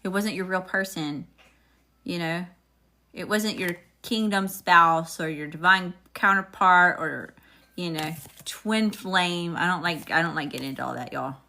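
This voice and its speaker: Bright-voiced woman reading tarot live, chatty, shouts out to viewers. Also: on the low side, moderate pace, gravelly. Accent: regional accent, unnamed. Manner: chatty, greets viewers, upbeat exclamations. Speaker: tarot reader.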